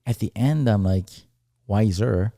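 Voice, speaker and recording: A man co-hosting a podcast, talking things over in a reflective, unhurried way. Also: lowish voice, mellow, dry recording, studio quality. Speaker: podcast co-host. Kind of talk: casual chat.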